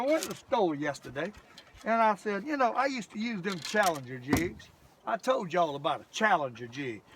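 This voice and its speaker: Excitable older man on a windy lake. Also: high-pitched. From Southern US. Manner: excitable, folksy, repeats himself, exclaims often. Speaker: fishing vlogger. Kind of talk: excited outdoor fishing vlog. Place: small boat on a lake outdoors, windy. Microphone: camera mic in the wind. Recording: distant camera mic with wind noise. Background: wind and boat noise.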